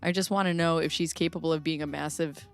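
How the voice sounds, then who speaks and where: A woman's voice: deep voice, fairly even intonation, quick pace, faint music behind. A woman hosting a casual commentary video, reading viewer comments and chatting, laughing between thoughts. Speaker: commentary host.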